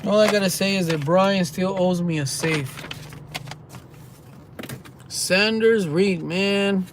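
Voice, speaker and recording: Heated male night-walk vlogger, high-pitched, phone mic, faint traffic behind. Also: takes it slowly. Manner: heated, ranting, reads viewer comments aloud. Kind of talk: rambling walking vlog. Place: outdoors at night, walking near traffic.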